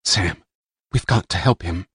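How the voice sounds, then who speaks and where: A man's voice: low voice, measured pace, fairly bright tone, breathy edge, dry recording, clean studio sound, full character voice. A male narrator voicing a young woman adventurer who speaks urgently and strained.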